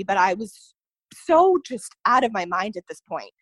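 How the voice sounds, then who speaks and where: A woman's voice: mid-range voice, sing-song, moderate pace, a bit bright, breathy edge, no echo. A young adult woman telling a personal story as a podcast guest, earnest and full of "like" and "you know". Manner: earnest, filler-heavy telling, often says "like" and "you know".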